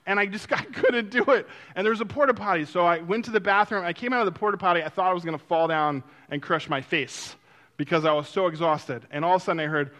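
A man telling a personal story in a sermon-like way, acting out quotes and then turning soft and reflective. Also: sits high, fast talker. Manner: animated, acts out quotes, drops to a soft reflective tone.

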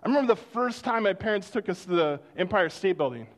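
A male pastor preaching a sermon in a conversational storytelling way, dropping to hushed exclamations of wonder. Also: high voice, expressive, quick pace.

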